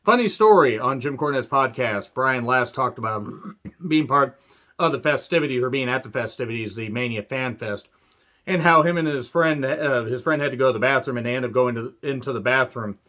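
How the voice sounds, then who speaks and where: A man's voice: medium pitch, a little fast, pushed and bright. A man giving a casual, rambling wrestling review with sarcastic, crude humor. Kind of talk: casual spoken video review. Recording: dull lo-fi sound.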